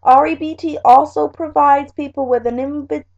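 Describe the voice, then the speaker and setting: High-voiced chatty teen girl. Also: fairly even intonation, moderate pace. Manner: chatty, rambling, fillers and "like". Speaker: vlogger. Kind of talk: casual revision vlog. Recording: dull lo-fi webcam audio.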